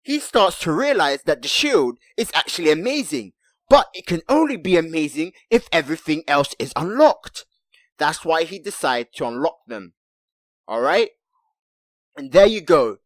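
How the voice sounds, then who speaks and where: A man hosting an anime recap, commenting casually over clips, excitable and repeating himself while talking straight to viewers. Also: a little high, moderate pace, no echo. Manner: excitable, repeats himself, keeps addressing viewers with "look" and "guys".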